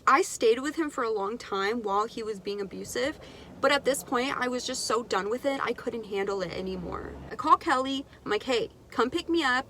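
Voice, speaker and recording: High, bright young woman vlogger. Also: brisk, a little hiss or hum. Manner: candid, animated and profane storytelling. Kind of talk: casual storytime.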